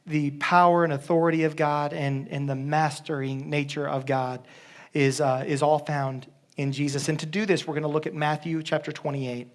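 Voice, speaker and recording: A man's voice: fairly high pitch, little pitch movement, normal speed. A man preaching a casual, joking sermon as a pastor, with many restarts.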